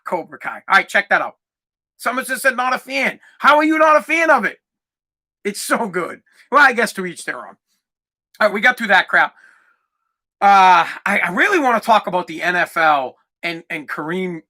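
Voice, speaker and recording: A young adult man hosts a podcast and launches into a heated, profane rant, repeating words as he gets worked up in this casual monologue. His voice is high-pitched, bright, and forceful.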